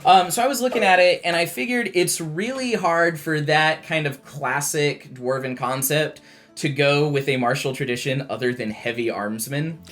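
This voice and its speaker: A man's voice: a little high, normal speed, fairly bright tone, faint music behind. A man, a game designer, casually explains character options to players, thinking aloud with frequent ums and restarts. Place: studio.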